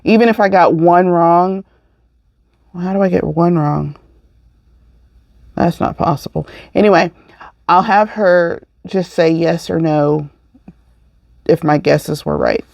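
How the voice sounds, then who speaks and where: A woman's voice: lowish voice, slow pace, creaky, pauses often, darkish tone, dry recording. A middle-aged woman hosting a crafting podcast, chatting casually in a rambling, self-correcting way as she shows off her yarn. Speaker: podcast host. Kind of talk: casual chat showing crafts.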